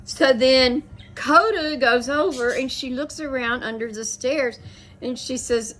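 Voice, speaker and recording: A woman's voice: sits high, unhurried, a bit bright. A middle-aged woman who hosts a casual chat, telling a rambling story full of quoted dialogue. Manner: chatty, rambling, with many restarts and quoted dialogue. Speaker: host.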